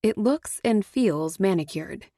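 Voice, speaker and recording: A woman narrating a first-person audiobook thriller in a measured, wry way. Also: medium pitch, expressive, warm tone, dry recording, clean studio sound.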